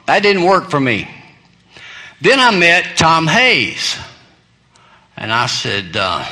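A man's voice: medium pitch, bright, forceful tone. A male pastor telling humorous stories in a sermon, folksy and self-deprecating, laughing at his own jokes.

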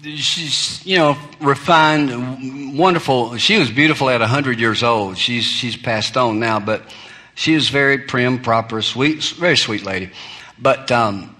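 A man's voice: medium pitch, a little slow, sharp tone. A male pastor telling humorous stories in a sermon, folksy and self-deprecating, laughing at his own jokes.

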